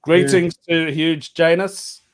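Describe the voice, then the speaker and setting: A man's voice: fairly high pitch, little pitch movement, slow, noisy background. A man hosting an online comedy show, chatty and jokey, laughing often. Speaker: host.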